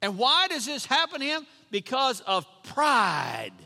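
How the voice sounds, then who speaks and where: A pastor preaches in a very high, lively voice that rises and falls. He drives his points home by repeating lines and firing questions at the congregation. The sound is piercingly bright, carried on the long reverb of a church hall. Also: a little slow. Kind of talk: sermon.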